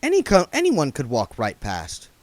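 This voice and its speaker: A man voicing an earnest, polite young reporter who talks briskly. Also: medium pitch, huge pitch swings, dry recording, pitched above the performer's own voice.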